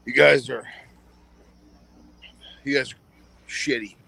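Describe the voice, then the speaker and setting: A man out in the field at night, talking in a grumbling, matter-of-fact way. His voice is gravelly. It also has a bright, tense edge. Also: mid-range voice, fairly even intonation, slow pace. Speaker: field herper on night road cruise. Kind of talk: casual chat.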